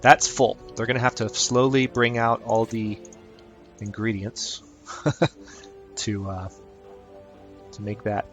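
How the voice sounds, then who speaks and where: A man's voice: lowish voice, little pitch movement, slow pace, pauses often, soft background music. A man giving casual let's-play commentary, chatty and upbeat, thinking aloud with fillers as he plays. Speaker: gameplay commentator.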